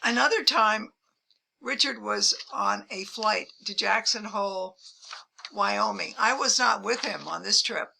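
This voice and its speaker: Slow, gravelly older woman telling stories. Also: pushed and bright, slight background noise. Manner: measured, amused, voices quoted people with lifted pitch. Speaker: travel vlogger. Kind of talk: storytelling anecdotes to camera.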